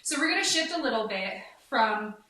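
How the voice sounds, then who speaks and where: A young adult woman hosting a casual podcast interview, chatty and quick to laugh. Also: on the high side, animated, sharp tone, recorded from a distance, a little hiss or hum. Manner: chatty, laughs often, quick topic shifts. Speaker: podcast host. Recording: echoey room, voice off-mic.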